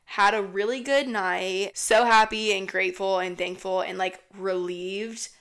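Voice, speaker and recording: A woman's voice: mid-range voice, steady tone, a little slow, fairly bright tone. A young woman with a mid-range voice tells a story casually, host of her own podcast. She rambles, swears freely and animates her retelling.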